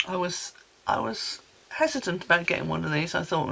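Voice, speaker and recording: A woman's voice: lowish voice, normal speed, vocal fry, a bit bright, low-quality recording. A woman from Wales chatting homely and rambling as she makes cards at her desk. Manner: chatty, homely, rambling asides while working. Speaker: card-making crafter. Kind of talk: casual crafting tutorial chat.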